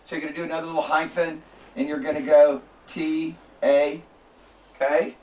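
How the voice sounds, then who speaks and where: A man's voice: a little high, level tone, a little mellow, far from the mic. Man teaching a class, heard from afar. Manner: spells out sounds slowly, checks in with "okay?". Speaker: lecturer. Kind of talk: classroom lecture. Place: lecture classroom.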